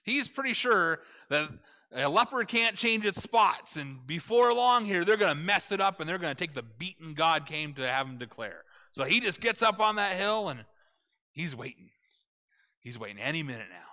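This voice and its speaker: Lively, bright-voiced male preacher. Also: fairly high pitch, moderate pace. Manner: animated, with rhetorical questions to listeners. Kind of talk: conversational sermon storytelling.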